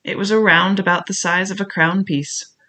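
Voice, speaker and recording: Bright-toned male storyteller. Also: sits high, little pitch movement. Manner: measured, reflective first-person telling. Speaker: audiobook narrator. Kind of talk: storytelling narration of a classic novel.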